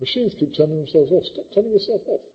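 A man's voice: a little high, expressive, fast, husky, muffled recording. A man teaching a poetry class, quizzing the students with a teasing, theatrical, impatient manner.

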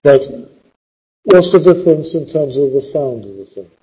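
A man lecturing a class on poetry, animated and teasing, with sarcastic asides. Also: a little high, normal speed, husky. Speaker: literature lecturer. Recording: dull lo-fi classroom recording.

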